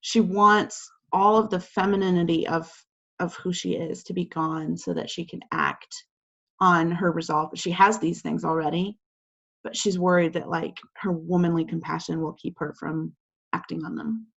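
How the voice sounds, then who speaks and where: A woman teacher explains quiz answers to her class in a loose, chatty way, full of fillers and little acted-out lines. Her voice sits fairly low and has a gravelly edge. The audio comes through a video call and sounds dull and lo-fi. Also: little pitch movement, moderate pace, fairly bright tone. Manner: chatty, filler-heavy, acts out quotes. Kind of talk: casual lesson over video call.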